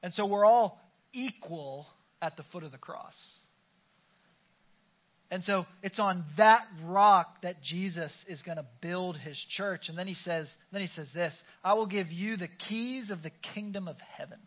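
Man, high voice, pastor preaching, conversational, dull lo-fi recording. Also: unhurried. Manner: conversational, urges the congregation to respond. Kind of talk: sermon. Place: church sanctuary.

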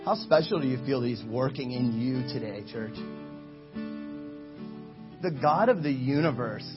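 A man in his thirties preaching a sermon to his congregation in a church, energetic and exhorting, calling for answers from the pews. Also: medium pitch, measured pace, highs cut off, music in the background. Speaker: pastor. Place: church sanctuary.

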